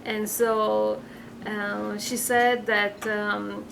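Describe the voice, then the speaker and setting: A woman's voice: medium pitch, level tone, very slow, vocal fry, background noise. A woman giving an informal weekly religious class, earnest and advising, with many fillers and restarts.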